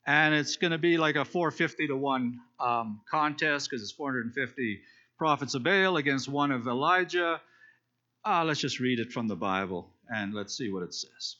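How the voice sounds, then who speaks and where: A man preaching at a Bible study retells a scripture story in a casual, explanatory way, with fillers and restarts, like a conversational sermon. His voice is on the high side, sharp-toned, with lively intonation at a moderate pace, in a dull lo-fi recording.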